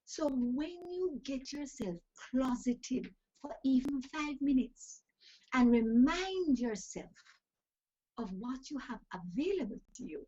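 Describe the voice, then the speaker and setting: A woman's voice: high-pitched, animated, slow, warm tone, husky. A woman giving an emphatic, preachy motivational talk full of scripture phrases. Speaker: talk show host and life coach. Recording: dull lo-fi recording.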